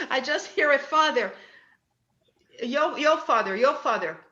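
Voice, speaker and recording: A high-voiced woman medium giving a reading at a service, her tone bright and edged. She talks haltingly, repeating words as she feels her way. The sound is roomy and a little dull, like a lo-fi room recording. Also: expressive. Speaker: psychic medium.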